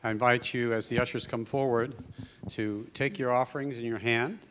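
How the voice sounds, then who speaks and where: A man's voice: medium pitch, fairly even intonation, moderate pace, fairly bright tone, a little hiss or hum. A man leading a congregation's offering, reciting a blessing for them to repeat. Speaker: minister.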